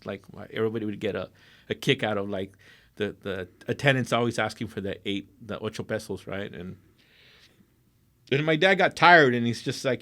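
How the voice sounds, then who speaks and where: A middle-aged man from Southern California telling a profane, animated story in a casual interview, slipping into Spanish phrases. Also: on the low side, brisk. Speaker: guest artist.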